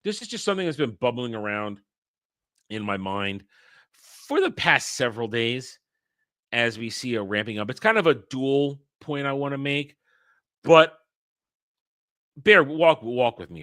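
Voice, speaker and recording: A man's voice: mid-range voice, animated, a little slow, pauses often, fairly bright tone, no echo, clean studio sound. A man hosting his own livestream who talks bluntly and rambles, swears freely and often restarts his sentences. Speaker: livestream host. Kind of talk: casual livestream talk.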